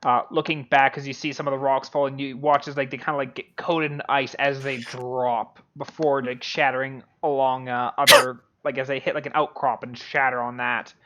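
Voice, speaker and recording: A man's voice: medium pitch, flat delivery, normal speed, few pauses, fairly bright tone, highs cut off. A man narrating a tabletop game as game master, rambling with many fillers and restarts.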